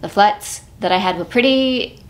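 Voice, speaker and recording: A woman's voice: mid-range voice, normal speed. A woman in her thirties narrating a casual vlog in a chatty way, with playful joking asides. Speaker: vlogger.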